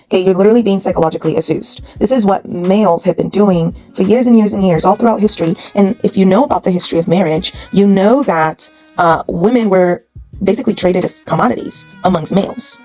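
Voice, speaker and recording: Brief: a woman commentator who talks fast and lectures bluntly straight to camera, with soft music underneath. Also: mid-range voice, poor audio. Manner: blunt, lecturing, full of rhetorical questions. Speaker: commentary channel host.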